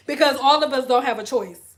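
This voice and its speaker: A woman in her thirties, a former hairstylist, talking bluntly to her viewers on a phone livestream, swearing freely and repeating phrases for emphasis. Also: high-pitched. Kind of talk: candid livestream chat with viewers. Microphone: phone camera.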